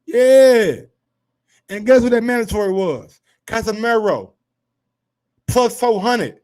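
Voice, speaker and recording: A man hosting a casual sports commentary show, brash and profane, swinging from low asides to loud heated rants. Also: animated, slow, long pauses.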